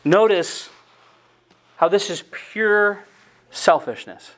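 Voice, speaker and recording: A man's voice: high-pitched, expressive, slow pace, fairly bright tone. A man preaching an expository sermon, reading scripture aloud and stressing key phrases with earnest emphasis.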